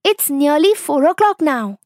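Woman doing a shy worried little girl, storybook voice, high and dry. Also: animated, a little slow, darkish tone, no echo. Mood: timid.

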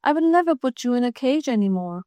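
A woman voicing a young princess who dotes on her pet bird and talks to it in a soft, coaxing way. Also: sits high, expressive, fast talker, no room sound. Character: young doting princess, gentle and possessive.

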